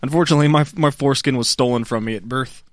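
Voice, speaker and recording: A man co-hosting a podcast, trading quick jokes in casual banter. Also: mid-range voice, dry recording, studio quality. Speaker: podcast co-host.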